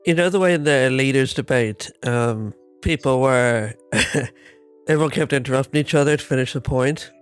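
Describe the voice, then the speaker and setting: A man on a podcast, relaxed in his chat and mostly chiming in with short remarks and quick jokes. His voice sits in a middling register, with faint music in the background. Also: mid-range voice, clean tone. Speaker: podcast co-host. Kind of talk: casual chat.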